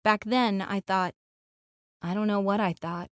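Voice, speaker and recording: A woman narrating a first-person audiobook in a reflective, rueful way, moving quickly through her thoughts. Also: mid-range voice, fairly even intonation, no room sound. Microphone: close studio mic.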